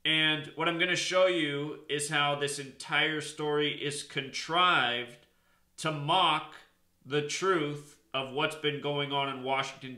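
A man's voice: mid-range voice, bright, forceful tone, reverberant. A man hosting his own channel, lecturing in an insistent, emphatic monologue. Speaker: channel host. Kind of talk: explanatory monologue.

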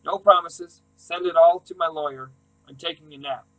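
A teenage boy puts on a cranky old grandfather, gruff and brushing people off, as a man reads him in an audiobook. The voice sits a touch high. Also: fairly even intonation, moderate pace, fairly bright tone, no room sound, close to an everyday voice, low-quality recording. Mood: dismissive.

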